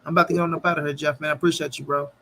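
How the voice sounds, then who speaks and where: A man's voice: on the high side, flat delivery, very fast, pushed and bright, soft background music. A man hosting a long live stream, talking casually and bluntly, thanking his chat. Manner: laid-back, profane, agreeable.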